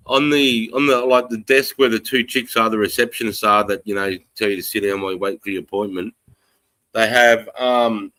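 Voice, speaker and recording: Bright, forceful Australian man chatting. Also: fairly low pitch, no echo, poor audio. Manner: rambling, swears freely, reads out chat comments. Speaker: livestream host. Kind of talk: casual live-stream chat. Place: home in the countryside.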